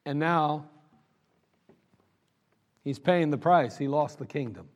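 High-voiced man preaching with fervor. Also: takes it slowly. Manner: emphatic, swings from loud exhortation to low intimate talk. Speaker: pastor. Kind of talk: sermon.

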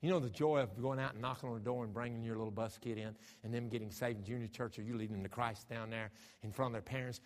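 A man with an American accent, a pastor preaching a sermon emphatically, moving from hushed storytelling to raised, fervent delivery. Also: mid-range voice. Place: church sanctuary. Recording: church hall reverb.

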